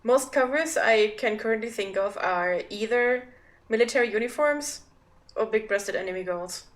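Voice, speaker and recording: A woman's voice: on the high side, moderate pace. A woman in her thirties chatting casually on a game livestream, rambling and self-deprecating. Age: 30s. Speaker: game streamer.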